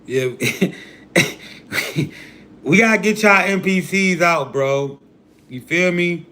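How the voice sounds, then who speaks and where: A man hosting a livestream who lectures his chat in a slangy, profane sermon. His voice is high and bright and pushes forward. He sounds hyped and sure of himself. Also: very slow. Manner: preachy, profane, hype talk with slang. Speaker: livestream host. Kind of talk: casual livestream rant.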